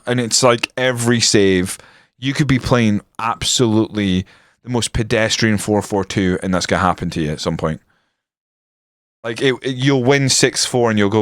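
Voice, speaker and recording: Male streamer, foul-mouthed ranting commentary, crisp voice, dead-dry sound. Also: medium pitch, moderate pace, dry recording. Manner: sweary, ranting, swings to excited commentary. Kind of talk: casual game commentary on stream.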